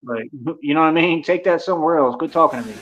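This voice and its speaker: A brash young man rants to his stream, swaggering and full of "like" as he talks himself up. His voice sits a little high for a man. The audio is dull and lo-fi. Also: fast, background noise. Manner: brash, swaggering, heavy use of "like". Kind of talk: boastful rant to a stream audience.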